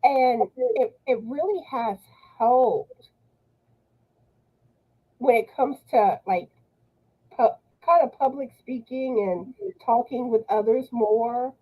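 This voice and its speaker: A woman's voice: a little high, slow, long pauses, mellow, slightly rough, low-quality recording. A woman guest on a live chat, speaking hesitantly with many fillers and restarts. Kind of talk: casual chat on a live stream.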